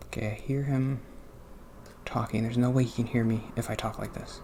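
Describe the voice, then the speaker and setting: A man hosting casual gameplay commentary, talking in a hushed, half-whispered, self-conscious way close to the mic in his apartment. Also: medium pitch, steady tone, normal speed, vocal fry, slight background noise. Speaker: let's play host. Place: apartment room.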